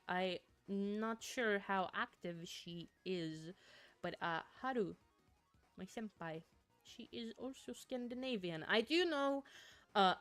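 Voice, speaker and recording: A woman's voice: medium pitch, fairly bright tone, smooth, no echo. A young woman from Finland with a mixed accent, chatting casually as a streamer while gaming and reading chat aloud, giggly and rambling with frequent restarts. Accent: mixed, not a typical Finnish one. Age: young adult.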